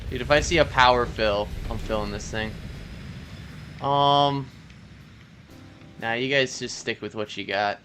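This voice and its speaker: A man's voice: mid-range voice, a little slow, long pauses, a bit bright, slight background noise. A man casually chatting on his live stream as he plays a shooter, loose and profane, rambling and talking to his cat. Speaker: gaming streamer. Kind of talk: casual live-stream chat while playing.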